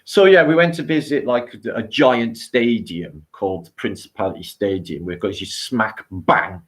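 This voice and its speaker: A middle-aged man, rambling excitably on a live stream, swearing often and laughing between thoughts, worn out from a long walk. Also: on the low side, normal speed. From Wales. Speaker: livestream host.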